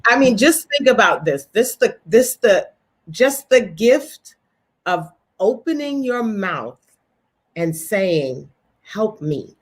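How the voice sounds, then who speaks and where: A woman's voice: mid-range voice, big pitch swings, slow pace, a little hiss or hum. A woman co-hosting a talk show, speaking emphatically and repeating key words for effect.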